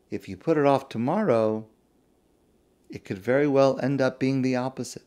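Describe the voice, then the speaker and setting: A man's voice: medium pitch, normal speed, a little mellow. A man, a rabbi, giving a weekly Torah talk, stressing key words by repeating them.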